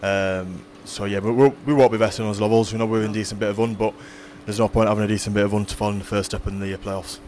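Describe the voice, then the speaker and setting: A man talking about his team's next games in an interview, halting with many fillers and restarts. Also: fairly low pitch, flat delivery, darkish tone, slight background noise. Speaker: rugby league player or coach interviewed. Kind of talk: post-match style interview.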